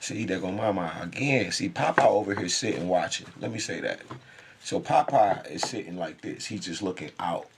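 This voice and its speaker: A man's voice: sits low, expressive, normal speed, vocal fry, a little hiss or hum. A man speaking in an intense, profane, rambling spiritual monologue, laughing often.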